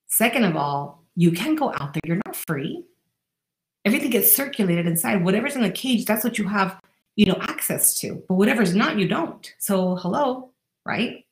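A woman's voice: mid-range voice, reverberant, poor audio. A woman life coach giving an earnest, direct motivational podcast monologue, speaking straight to the listener.

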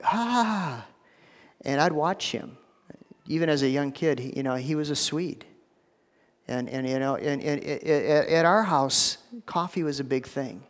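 A man's voice: medium pitch, in a large hall. A man preaching a sermon in a casual, conversational way, often repeating words and saying "you know.". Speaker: pastor.

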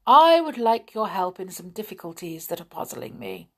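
A woman voicing a simple-minded male creature chief who grumbles and sounds slow and puzzled. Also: mid-range voice, wildly swooping pitch, a bit bright, full character voice.

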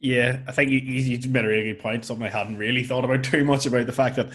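A man with a Lurgan accent from Northern Ireland hosting a casual podcast conversation, talking in a blunt, candid and animated way. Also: medium pitch, quick pace. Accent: Northern Irish, Lurgan. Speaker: podcast host.

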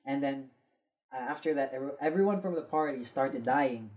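A woman's voice: extremely low pitch, fairly quick, slight background noise. A young woman casually telling a story to friends, swearing freely and acting out the lines of the people in it. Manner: animated, swearing, acts out quoted lines.

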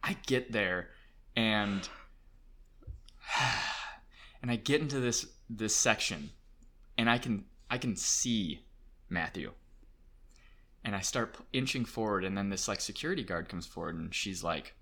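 A man as a podcast guest, telling an excitable, self-mocking story and acting out voices in a casual chat. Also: lowish voice, a little slow, long pauses.

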